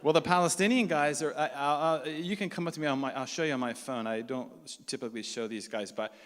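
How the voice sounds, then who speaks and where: A man's voice: on the high side, quick pace. A man telling a personal story to a live audience, acting out the voices of the people in it. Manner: animated, acts out the people he quotes. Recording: long hall reverb.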